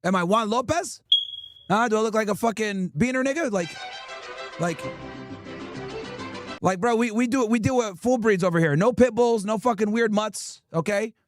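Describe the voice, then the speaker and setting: Brash, high-voiced male streamer. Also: normal speed, long pauses, music in the background. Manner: brash, profane and animated, with repeated rhetorical questions. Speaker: livestream host. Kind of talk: casual livestream chat.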